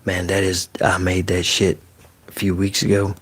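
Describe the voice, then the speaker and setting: A man chatting casually on an ASMR live stream, soft-spoken and slipping into whispers, loose and a bit profane. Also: deep voice, completely flat delivery, moderate pace, slightly rough.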